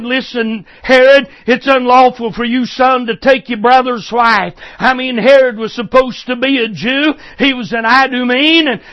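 A male preacher with a strikingly high voice delivers a fervent sermon. He drives his points home with repeated phrases and works steady fillers into his speech. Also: muffled recording.

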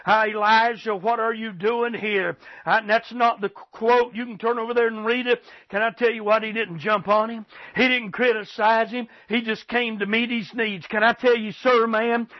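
Man, very high voice, fiery radio sermon, impassioned, dull lo-fi audio. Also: flat delivery, moderate pace, hardly any pauses. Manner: impassioned, shouting bursts, repeated rhetorical "can I tell you". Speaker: preacher.

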